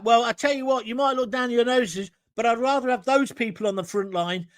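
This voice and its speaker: A middle-aged man with a British accent hosts a live opinion show, blunt and combative as he works through viewer comments. His voice sits high for a man. The sound is dry, with no room echo. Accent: British English. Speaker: host.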